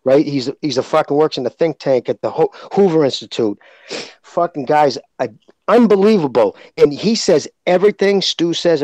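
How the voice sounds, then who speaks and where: Blunt, profane podcast host, fairly high voice. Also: male voice, darkish tone, dry recording. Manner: blunt, profane, opinionated ranting. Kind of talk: casual podcast chat.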